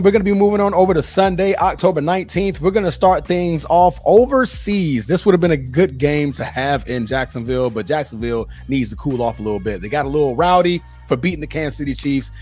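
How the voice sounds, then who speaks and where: A man from the United States co-hosting a casual football podcast, excitable and quick to laugh. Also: a little high, faint music behind. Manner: excitable, laughs a lot, fan banter. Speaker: podcast co-host. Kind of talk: casual sports podcast chat.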